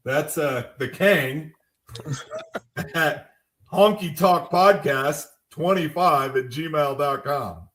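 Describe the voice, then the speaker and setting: A man's voice: a little high, extremely slow, a bit bright, slight background noise. A man co-hosting a podcast, chatting casually and making fun of himself. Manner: joking, self-mocking. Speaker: podcast co-host. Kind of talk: casual chat.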